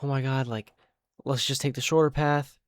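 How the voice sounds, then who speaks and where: A man's voice: medium pitch, steady tone, moderate pace, clear, resonant tone, no echo, clean studio sound, natural voice. A man voicing his paranoid young friend, fretting and repeating himself in a panic. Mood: panicked.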